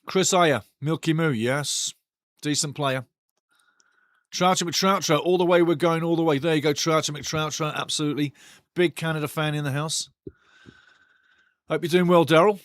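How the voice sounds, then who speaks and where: A man hosting a live football watch-along, calling the play and reading the chat in a blunt, excitable, foul-mouthed way. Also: on the high side, normal speed, long pauses, dry recording, studio quality. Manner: bursts louder at big chances.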